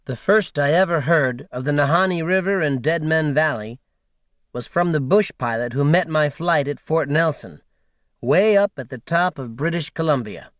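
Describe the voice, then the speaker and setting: A man reading an unabridged audiobook in a steady, wry storytelling manner. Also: a little high, moderate pace, dry recording, clean studio sound. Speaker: audiobook narrator. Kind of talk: scripted narration.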